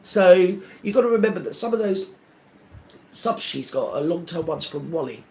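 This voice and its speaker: A man's voice: sits high, animated, normal speed, a little mellow, slight background noise. A man hosting a live stream, ranting in a rambling, indignant, gossipy way with many restarts.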